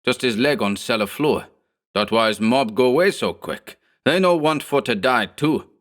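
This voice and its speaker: A man's voice: mid-range voice, animated, moderate pace, fairly bright tone, voice pushed up, natural voice. A man voicing a burly, superstitious immigrant thug who speaks broken English, in a horror audiobook. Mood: pleading. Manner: broken English, whining and pleading. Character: burly hog-necked male immigrant thug, superstitious, fearful.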